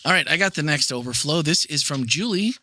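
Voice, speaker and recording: A man's voice: fairly high pitch, expressive, fairly quick, pushed and bright, no room sound. A man hosting a church podcast in an upbeat, chatty way, reading listener messages and running a giveaway. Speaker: podcast host. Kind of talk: casual chat, hosting.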